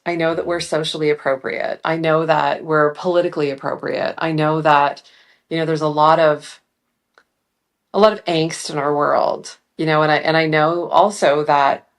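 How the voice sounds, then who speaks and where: A middle-aged woman talking as an interview guest, reflective and earnest, with frequent "you know" fillers. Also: low voice. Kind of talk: casual interview chat.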